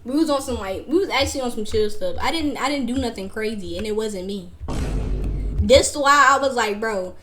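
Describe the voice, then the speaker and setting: A young woman, casually telling a school story to her stream chat in an animated, slangy way. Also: fairly high pitch, a little fast, a little hiss or hum. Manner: animated, slangy, acts out classmates.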